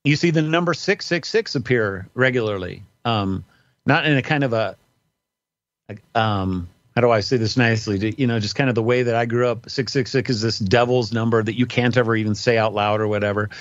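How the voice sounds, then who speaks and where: A man's voice: mid-range voice, fairly quick, no echo. Rambling man with dull call audio. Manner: rambling, many fillers and restarts. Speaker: pastor and guest. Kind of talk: casual podcast discussion.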